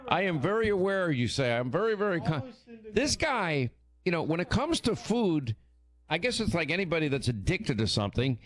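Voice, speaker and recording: A man hosting a radio show, telling stories in casual, animated, teasing on-air chat. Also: a little high, moderate pace.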